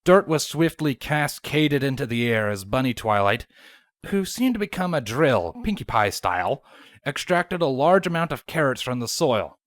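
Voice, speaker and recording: A woman narrating a fanfiction story with an expressive reading. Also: very deep voice, no room sound. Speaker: fanfiction reader.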